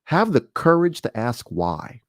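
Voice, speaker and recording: A man's voice: mid-range voice, a little slow, no echo, studio quality. A middle-aged man hosting a talk show, talking casually and telling stories with acted-out dialogue. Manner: conversational, animated storytelling with acted-out dialogue. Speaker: show host.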